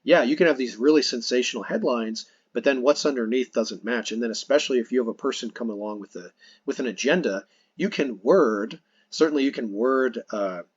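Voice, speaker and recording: A man's voice: mid-range voice, brisk, breathy edge, no room sound, highs cut off. A man hosting a podcast, earnestly explaining his points in casual conversation, restarting phrases as he goes. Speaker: podcast host.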